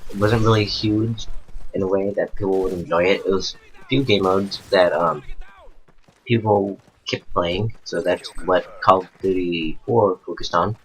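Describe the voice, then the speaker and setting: A man with a low voice talks casually about video games. He rambles and restarts his sentences, leaning on fillers. There is a faint noise under the recording. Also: fairly bright tone, low-quality recording. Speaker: co-commentator. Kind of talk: casual gaming chat.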